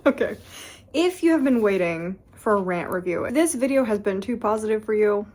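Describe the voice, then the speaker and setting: A young woman chatting casually in a book vlog, animated and full of fillers and quick laughs. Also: mid-range voice. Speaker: book vlogger. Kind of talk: casual chat.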